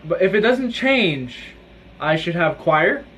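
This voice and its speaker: Very animated yet taking it slowly, a teenage boy with a high-pitched, slightly bright voice vlogs about his school day. He rambles, uses "like" constantly, and laughs while telling stories. He's indoors with his own video light, with slight background noise.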